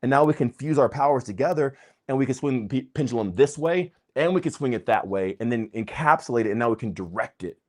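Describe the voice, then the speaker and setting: A man hosting a casual conversation, talking in an excitable, slangy way. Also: mid-range voice, fast talker. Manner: excitable, slangy, uses "dude" and "bro". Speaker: host.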